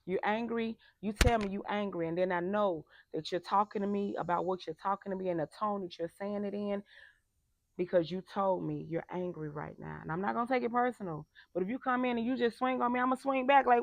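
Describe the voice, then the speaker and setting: A woman life coach giving a passionate motivational talk, emphatic and turning loud and animated when making a point. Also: medium pitch, brisk, vocal fry, no room sound.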